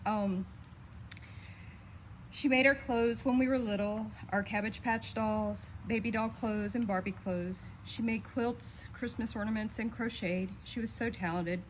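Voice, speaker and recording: A woman reading a eulogy for her mother, steady and heartfelt, fondly reminiscing. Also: fairly high pitch, a little hiss or hum, low-quality recording. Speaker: daughter giving a eulogy. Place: memorial service.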